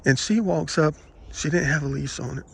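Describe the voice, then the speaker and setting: A man vlogging, telling rambling personal anecdotes in an aggrieved, animated way and quoting the people in them. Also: fairly high pitch, normal speed, creaky, husky. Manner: aggrieved, animated retelling with quoted dialogue.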